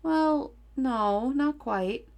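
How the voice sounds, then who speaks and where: A calm, polite male astronaut from a children's story, voiced by a woman reading aloud. He explains things evenly, with a gravelly edge. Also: sits high, extremely slow, pitched above the performer's own voice, heavily acted.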